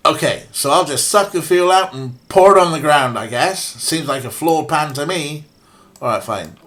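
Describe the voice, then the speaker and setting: A let's play streamer casually plays a point-and-click game, reading its text aloud and adding wry, self-mocking remarks. His voice is on the high side and fairly bright, at a moderate pace.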